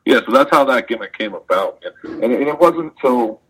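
A man's voice: mid-range voice, expressive, brisk, fairly bright tone, slightly rough, low-quality recording. A man, a wrestler being interviewed, telling a rambling, profane story in casual chat full of fillers. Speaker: professional wrestler guest.

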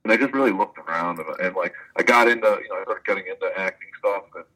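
A man's voice: low voice, quick pace, bright, forceful tone, poor audio. A man, a wrestler being interviewed, telling a rambling, profane story in casual chat full of fillers. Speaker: professional wrestler guest.

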